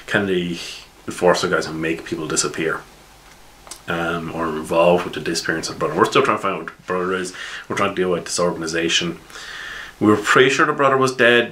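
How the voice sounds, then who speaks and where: A man casually retelling his tabletop game session in a rambling, animated way. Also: deep voice, low-quality recording. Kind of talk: casual storytelling.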